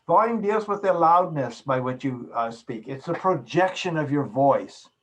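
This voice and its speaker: A man's voice: fairly high pitch, animated, normal speed, a little hiss or hum, rough recording. A middle-aged man giving a lecture on public speaking and showing vocal techniques as he explains them. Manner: instructive, demonstrates vocal techniques.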